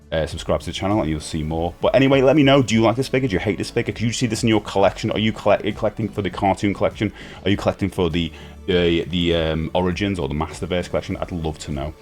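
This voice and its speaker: A man in his forties talks through an unboxing in a relaxed, rambling way, restarting his sentences as excitement takes over. His voice sits very low. Faint music plays quietly behind him. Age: 40s. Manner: chatty, enthusiastic, rambling with restarts. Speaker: toy collector vlogger. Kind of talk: casual unboxing chat.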